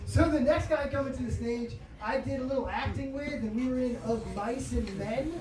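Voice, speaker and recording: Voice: sits high, normal speed. A host of a comedy night bantering loosely and introducing the next act, heard from a distance in a noisy, echoing club. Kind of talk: introducing acts between sets.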